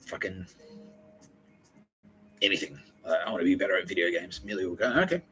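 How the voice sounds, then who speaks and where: A man's voice: sits low, level tone, brisk, a bit bright, faint music behind, low-quality recording. A man in his forties hosting a podcast, rambling and joking with lots of swearing. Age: 40s. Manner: profane, jokey, rambling. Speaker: podcast host. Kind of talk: casual solo podcast monologue.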